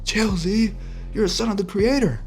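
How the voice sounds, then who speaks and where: A man voicing a calm, devout young man who reassures his friend with scripture in a storybook reading. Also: high voice, moderate pace, faint music behind, voice pushed up. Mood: reassuring. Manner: preachy, quoting scripture.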